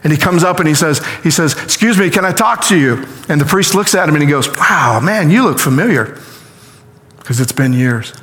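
A man preaching a sermon as a story, acting out the quoted lines with lively energy. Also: fairly high pitch, quick pace, few pauses, in a large hall. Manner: animated retelling with acted-out quotes. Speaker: pastor.

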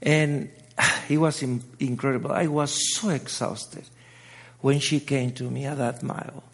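A man's voice: mid-range voice, steady tone, a little slow, gravelly, fairly bright tone. A middle-aged man whose first language is Spanish, preaching a sermon with passion and repeating his phrases as he builds to exhortation. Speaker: pastor.

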